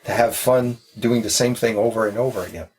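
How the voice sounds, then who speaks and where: A man's voice: medium pitch, a little fast, darkish tone, soft background music, low-quality recording. A man who is a karate instructor, a guest on a podcast, explaining his ideas thoughtfully with everyday comparisons. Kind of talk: casual podcast interview.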